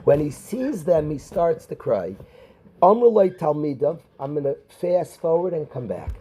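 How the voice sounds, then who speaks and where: A middle-aged rabbi, teaching a class of students and calling on them by name with questions. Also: male voice, on the high side, very animated, a little slow, mellow, husky, poor audio. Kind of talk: Torah class.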